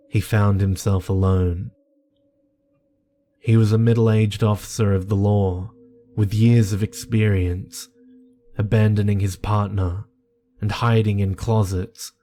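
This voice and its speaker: Male horror narrator: deep, unhurried, monotone delivery over faint background music. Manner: measured, grave storytelling.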